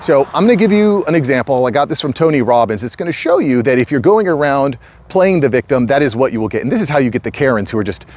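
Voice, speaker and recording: A man's voice: medium pitch, expressive, fast, a little mellow. A middle-aged man hosting his channel, talking straight to viewers in an emphatic, repetitive way and calling them guys. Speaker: channel host. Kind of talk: casual direct-to-camera talk.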